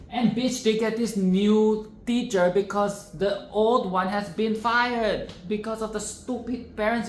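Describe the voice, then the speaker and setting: Sassy low-voiced woman ranting about a film. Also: a little slow. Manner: sassy, swears freely, exclaims and rants. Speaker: film reaction commentator. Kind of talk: casual film commentary. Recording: echoey room with faint noise.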